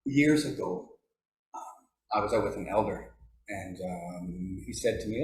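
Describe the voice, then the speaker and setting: A man telling stories at a forestry workshop, pausing often with fillers and lifting his pitch when he quotes elders. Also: darkish tone, a little hiss or hum. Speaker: workshop speaker. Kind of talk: storytelling talk. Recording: echoey room.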